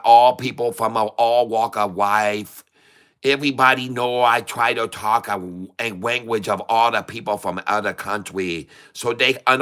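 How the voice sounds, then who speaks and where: A man voicing a jokey male trader who speaks halting broken English with dropped words and many fillers, as a comic put-on while trading live. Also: mid-range voice, sharp tone, smooth, natural voice.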